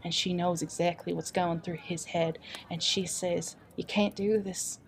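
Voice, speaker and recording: A woman's voice: on the low side, fairly even intonation, measured pace. A woman playing a folksy traveling adventurer who tells a dramatic tale with a homespun drawl in an improvised tabletop role-play. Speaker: player character storyteller.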